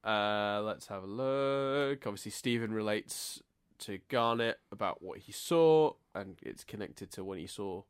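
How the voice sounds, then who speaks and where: A man's voice: on the low side, a little slow, clear, resonant tone, no echo, clean studio sound. A man from England hosting a podcast, stuffy with hay fever, rambling with lots of restarts. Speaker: podcast host. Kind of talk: casual podcast chat.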